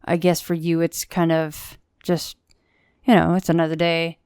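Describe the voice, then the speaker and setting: A woman with a low, smooth, clear voice hosts a casual interview, talking in a chatty, reassuring way with plenty of fillers. The sound is dry and close, with no room around it. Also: monotone, unhurried, a little mellow, dry recording. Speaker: podcast host.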